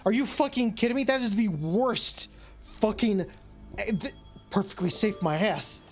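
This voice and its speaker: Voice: mid-range voice, animated, a little slow, soft background music. A streamer reading a visual novel aloud, chatting casually, swearing freely and yawning between lines.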